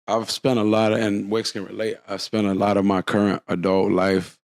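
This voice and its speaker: Low-voiced man telling a story. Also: normal speed, no room sound. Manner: animated storyteller acting out quotes. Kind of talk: casual storytelling.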